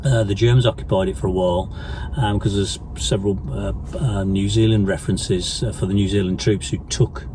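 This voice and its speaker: A man's voice: lowish voice, fairly even intonation, a little fast, few pauses. A man from the UK vlogging his van trip, chatting casually with lots of fillers and restarts. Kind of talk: casual travel chat and voice-over. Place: outdoors in a French town. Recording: noisy outdoor sound.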